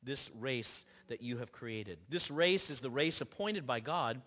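A man preaching a sermon, building to forceful peaks and dropping low again, with frequent restarts. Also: expressive, unhurried. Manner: impassioned preaching, rising and falling in force, with restarts. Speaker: pastor.

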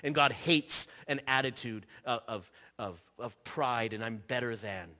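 A man preaching a sermon in earnest, repeating phrases and restarting himself, dropping softer when he quotes. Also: mid-range voice, a little slow. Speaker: pastor.

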